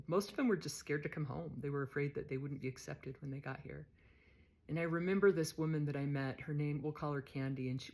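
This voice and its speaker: A woman telling a personal story in an earnest way, acting out the dialogue she quotes. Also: deep voice. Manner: earnest, acts out quoted dialogue with lively shifts. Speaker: storyteller, former prisoner.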